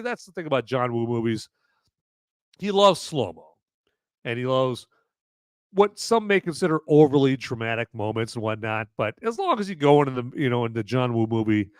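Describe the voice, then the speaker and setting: Male podcast host, live movie review, rambling, swears casually, smooth clear voice. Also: mid-range voice, dry recording.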